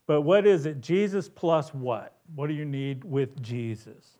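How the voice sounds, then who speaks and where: Pastor, male, higher-pitched, slow-paced, dynamic sermon delivery swinging loud to soft. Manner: dynamic preaching, swinging from loud cries to hushed tones. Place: church.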